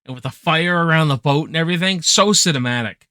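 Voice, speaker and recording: A young man giving a casual, excited film review, swearing freely and packed with slang. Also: a little high, fast, smooth, dry recording, studio quality. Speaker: movie reviewer.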